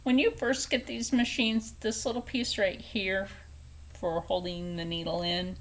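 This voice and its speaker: A woman hosting a casual step-by-step sewing tutorial, chatty and playful, dropping into soft whispered asides as she works at a home sewing table. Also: medium pitch, flat delivery, measured pace. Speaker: sewing channel host.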